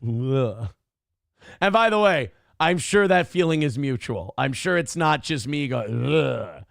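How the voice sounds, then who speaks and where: A man's voice: fairly high pitch, lively intonation, moderate pace, creaky, a bit bright, dry recording, clean studio sound. A male show host giving blunt, profane, mocking commentary on a livestream.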